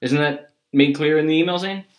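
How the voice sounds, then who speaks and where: A man's voice: fairly high pitch, fairly quick. A man co-hosting a podcast, chatting casually with frequent swearing and rambling side stories. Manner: swearing, chatty, digressive storyteller. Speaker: podcast co-host. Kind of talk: casual chat.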